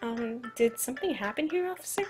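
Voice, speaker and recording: A woman's voice: fairly high pitch, lively intonation, brisk, over music, close to an everyday voice. A woman voicing an earnest young male attorney in a video game, polite and eager.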